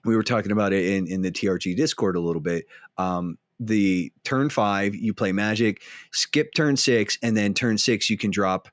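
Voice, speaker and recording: A man's voice: fairly low pitch, normal speed, hardly any pauses, no room sound. A young man co-hosting a podcast in laid-back chat, full of "like" and gamer slang. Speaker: podcast co-host.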